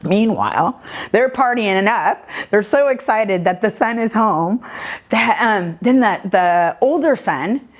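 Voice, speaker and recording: A woman's voice: mid-range voice, animated, slow pace. A woman leading a children's church lesson, telling a Bible story in a chatty, casual way with many fillers. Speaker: children's ministry leader.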